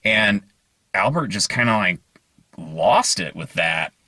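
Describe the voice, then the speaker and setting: A man tells stories to camera in a meandering, earnest way, full of hesitant fillers. His voice sits low but sounds bright and forward. The recording is dry and close. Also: very animated, takes it slowly, no echo. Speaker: vlogger. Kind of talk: casual storytelling to camera.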